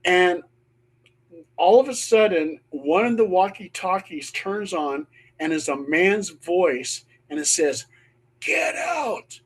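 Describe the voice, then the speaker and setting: A man's voice: sits high, slow pace. A middle-aged man, a paranormal investigator, telling a ghost story on a panel show and acting out the voices he quotes.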